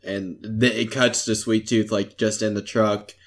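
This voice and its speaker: A young man co-hosting a casual podcast, talking in halting bursts full of fillers. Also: fairly low pitch, little pitch movement. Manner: hesitant, full of "like", laughs often. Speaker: podcast co-host. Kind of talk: casual chat.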